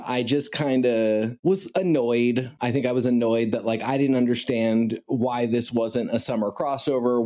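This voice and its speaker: A man co-hosting a comic book podcast, talking in a reflective, measured way through long explanations. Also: medium pitch, dark tone. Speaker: podcast co-host.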